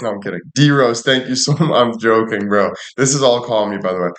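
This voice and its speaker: A man's voice: on the low side, a little fast, few pauses, fairly bright tone. Joking, swearing streamer man, echoey room. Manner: joking, swears freely, thanks viewers by name. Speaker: livestreamer. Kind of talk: casual livestream chat.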